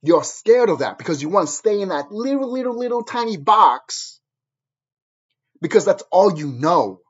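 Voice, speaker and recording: A man's voice: high voice, sing-song, normal speed, husky, muffled recording. A man vlogging in an angry, profane monologue, repeating phrases over and over as he drives his point home. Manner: angry, repetitive, hammering the same phrases.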